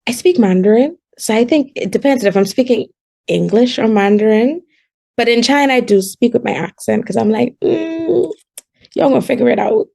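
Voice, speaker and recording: A young woman with a thick Bahamian accent chats fast and easily, laughing through her stories. Her voice sits a little high with a gravelly fry, and she talks like a guest calling in to a podcast. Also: warm tone. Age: 20s. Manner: chatty, fast, laughs while telling stories. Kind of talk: casual chat.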